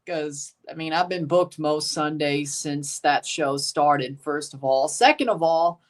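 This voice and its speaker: Speaking a little slowly in a fairly high voice, a man hosts a live match watchalong. He chats casually, rambles, and answers his chat, giving loose reaction commentary as it happens.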